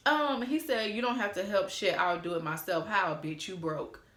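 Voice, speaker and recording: Her voice is mid-range and fairly bright at normal speed as this storytime vlogger in her twenties gives viewers a sassy, profane, exasperated retelling. It's a casual storytime recorded with a roomy echo.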